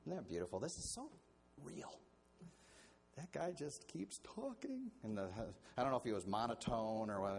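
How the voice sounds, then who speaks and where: A male pastor preaching a sermon in an animated, conversational way, often restarting his sentences. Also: medium pitch, moderate pace, vocal fry, slightly rough.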